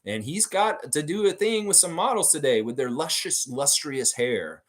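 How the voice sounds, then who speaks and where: Expressive and speaking at normal speed with hardly any pauses, this forty-something man from Canada runs a fan channel livestream. He reads out viewer comments casually, cursing freely and swinging from loud hype to quiet murmurs.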